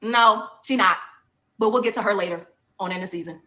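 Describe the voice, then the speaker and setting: A woman's voice: medium pitch, fairly quick, sharp tone. A woman in a heated monologue, emphatic and repeating her points for effect.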